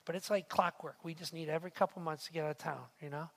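A man's voice: on the high side, fairly even intonation, quick pace, creaky, fairly bright tone. A middle-aged man preaching a sermon in a chatty storytelling way, repeating words and checking in with "right?". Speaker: pastor.

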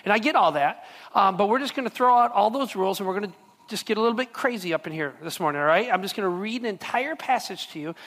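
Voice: mid-range voice, animated, fast talker, a bit bright. Pastor preaching in a reverberant hall. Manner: conversational, repeats words, checks in with the audience. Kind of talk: sermon. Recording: long reverb of a large hall.

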